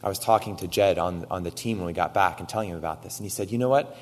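A man's voice: low voice, fairly even intonation, very fast. A man preaching a sermon, telling a story with quoted dialogue and building to emphatic exhortation. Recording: long hall reverb.

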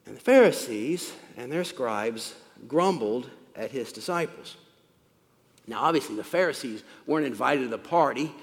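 Lively-voiced male pastor in reverberant hall. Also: medium pitch, moderate pace. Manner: conversational, explains and repeats points. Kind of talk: sermon.

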